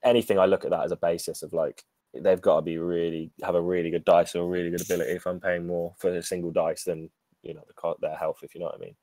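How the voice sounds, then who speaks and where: A man's voice: low voice, little pitch movement, fast talker, warm tone, dry recording. A man co-hosting a podcast, rambling and correcting himself as he chats about a card game. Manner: rambling, self-correcting, laughing. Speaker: podcast co-host. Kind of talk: casual card-game discussion.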